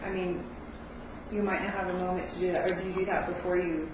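A woman's voice: lowish voice, level tone, fast talker, low-quality recording. A woman asking a hesitant question in a casual conversation, trailing off as she speaks.

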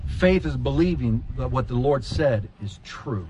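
A man's voice: measured pace, few pauses, slight background noise, rough recording. A man preaching a sermon, telling a childhood story and acting out the scenes with sudden jumps in his voice. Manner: animated storyteller, acts out scenes with big pitch jumps. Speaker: pastor.

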